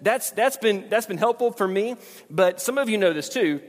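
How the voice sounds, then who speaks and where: Male pastor, high-ish voice, self-deprecating and halting, long hall reverb. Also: animated. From southern Alabama. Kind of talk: sermon.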